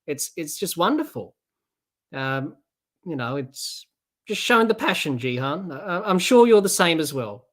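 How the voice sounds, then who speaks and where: An excitable woman hosts a live cricket watch-along podcast, calling the play and chatting back to viewers' comments. Her voice sits a little low for a woman. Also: measured pace. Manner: excitable, reads out and answers viewer chat. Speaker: podcast host.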